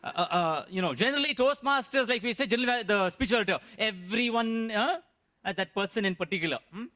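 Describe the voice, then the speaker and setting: Male contest emcee, high sharp voice, rambling and filler-heavy. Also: fast. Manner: chatty, with many fillers and restarts.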